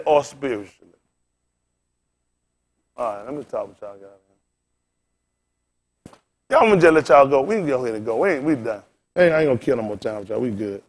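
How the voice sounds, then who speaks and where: A man in his fifties preaching to his congregation, tired and frustrated, firing off rhetorical questions and repeating phrases with sudden rises and drops in force. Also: medium pitch. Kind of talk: impassioned sermon to a congregation.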